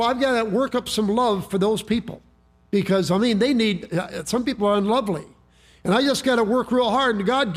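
A man preaching a sermon, telling a story in a folksy way with frequent restarts and repeated words. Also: high-pitched. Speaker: pastor.

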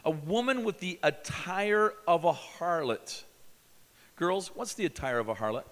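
A fairly high-voiced man preaches to a youth camp in a big hall with a long reverb tail. He drives his points home with emphatic questions to the crowd. Then he drops to a hush before rising again. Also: lively intonation, measured pace. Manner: emphatic, questioning the audience, swinging from loud to hushed. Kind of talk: sermon.

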